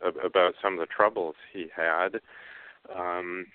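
Man, very low voice, smooth and resonant, halting, lots of fillers, tinny phone line. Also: steady tone, no room sound. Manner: halting, many fillers and restarts. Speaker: author guest. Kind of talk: casual interview talk.

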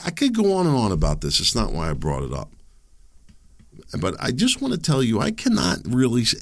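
A man's voice: medium pitch, gravelly, fairly bright tone, no room sound, clean studio sound. A man in his fifties hosting a political talk show, speaking in a heated, rambling, sarcastic monologue. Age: 50s. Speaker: podcast host.

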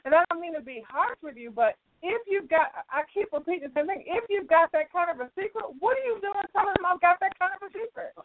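A woman's voice: extremely high pitch, animated, fast, hardly any pauses, no echo. Emphatic woman hosting an advice radio show. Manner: emphatic, lecturing with repeated "right". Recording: tinny phone-like radio line with hiss.

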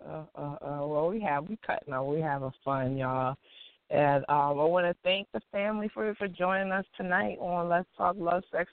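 A woman's voice: sits low, clean tone, no echo. A woman hosting a call-in talk show, chatting playfully and giggling often with many fillers, heard over a phone line. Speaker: radio talk show host. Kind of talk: casual call-in show chat. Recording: dry tinny phone line.

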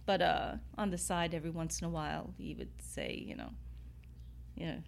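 A woman's voice: sits low, very animated, normal speed, vocal fry. A woman from New City, a bar owner, chatting in a casual interview and telling rambling stories full of "you know" and "like". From New York City. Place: inside an old bar.

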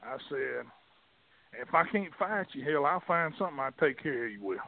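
A man's voice: fairly high pitch, expressive, normal speed, vocal fry. A man, a wrestling promoter telling rambling, profane stories as a guest. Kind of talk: casual storytelling. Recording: tinny phone line.

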